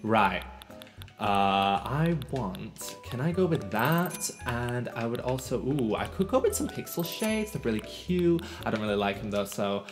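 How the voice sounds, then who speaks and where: Man, let's play host, animated, very lively pitch, game music behind. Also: unhurried. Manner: chatty, animated, talks to himself.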